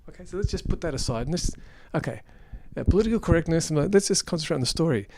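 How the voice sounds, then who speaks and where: A man's voice: a little high, lively intonation, very fast, darkish tone, slight background noise. A man giving an unrehearsed film review, rambling and exasperated.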